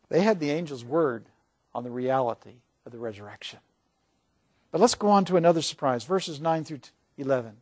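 A man preaching a sermon, animated, asking the congregation questions. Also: fairly high pitch, brisk.

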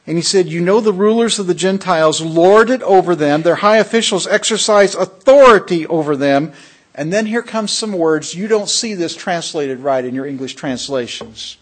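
A man preaching a sermon in a fairly high voice. He leans hard on key words and throws questions out to the congregation. His delivery is emphatic and pastoral.

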